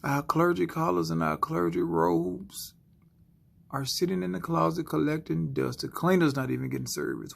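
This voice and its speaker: A man giving a spoken-word motivational sermon, slow and dramatic, often dropping into hushed whispers. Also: a little high, steady tone, vocal fry. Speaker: motivational speaker.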